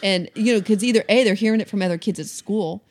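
A woman's voice: mid-range voice, fast. A woman co-hosting, a mother speaking earnestly about raising children in casual chat. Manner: earnest, advising. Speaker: podcast co-host, mother.

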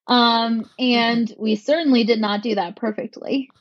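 A woman co-founder answering interview questions in a measured, articulate way, with a touch of dry sarcasm. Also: a little high, steady tone, no echo, highs cut off. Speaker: company co-founder.

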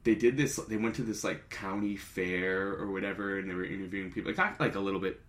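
A man's voice: sits low, fast, fairly bright tone. A man co-hosting a podcast, chatting casually and animatedly, often laughing and breaking into impressions. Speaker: podcast co-host. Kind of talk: casual chat.

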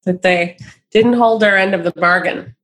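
A woman's voice: on the low side, moderate pace, a bit bright. A woman co-hosting a podcast, chatting casually and sympathizing with her friend. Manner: sympathetic, gives short agreeing replies. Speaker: podcast co-host. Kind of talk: casual chat.

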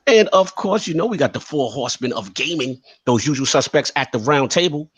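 Husky-voiced man hyping up a podcast. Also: on the high side, expressive, brisk, no room sound. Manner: hype-style introductions with playful nicknames. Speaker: podcast host. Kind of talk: casual podcast chat.

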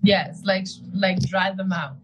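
A woman's voice: mid-range voice, steady tone, slow pace, husky, poor audio. Chatty woman co-hosting a live stream. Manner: chatty, uses "like" a lot, laughs often. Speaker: co-host. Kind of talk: casual live-stream chat about astrology.

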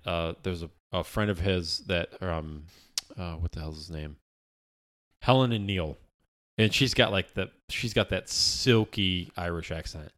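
Podcast host guy, lowish voice, rambly, restarts a lot, swears casually. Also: fairly bright tone. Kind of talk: casual chat. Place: office.

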